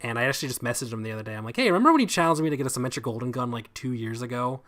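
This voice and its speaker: A man's voice: medium pitch, rapid-fire. A man hosting a live streamed chat show, talking casually and stumbling over his words. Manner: animated, self-deprecating, stumbles over words. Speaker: show host. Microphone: streaming mic.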